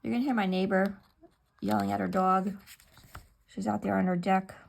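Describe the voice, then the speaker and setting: Husky, gravelly-voiced woman muttering while crafting. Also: mid-range voice, level tone, moderate pace. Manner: muttering to herself, chatty asides. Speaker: paper crafter. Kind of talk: casual talk while crafting.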